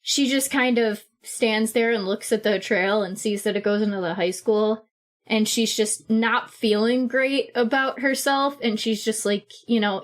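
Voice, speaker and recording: A woman's voice: fairly high pitch, steady tone, a little slow. A woman playing a tabletop role-playing game, talking in a chatty, playful way. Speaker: player. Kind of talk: casual tabletop play.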